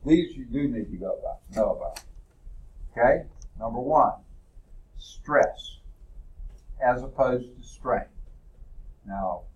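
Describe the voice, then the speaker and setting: A man's voice: medium pitch, a little mellow. A male college science instructor giving a classroom lecture, explaining step by step and often checking in with "okay?". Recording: roomy echo, voice from a distance.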